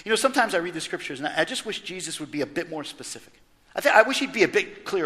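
A man preaching a sermon as pastor, animated and emphatic, throwing rhetorical questions at his congregation. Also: on the high side, fast talker, in a large hall.

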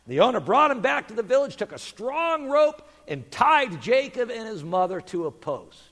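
A man reading a children's story aloud in an expressive, animated way. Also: very high-pitched, normal speed, in a large hall.

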